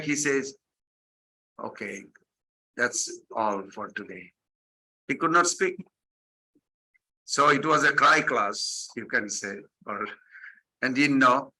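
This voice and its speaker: A man teaches a spiritual lesson through animated stories, repeating phrases and slipping into quoted voices. His voice is strikingly bright and sits a touch high for a man. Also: low-quality recording. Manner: animated storytelling, acting out quotes, repetitive phrasing. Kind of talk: devotional sermon with stories.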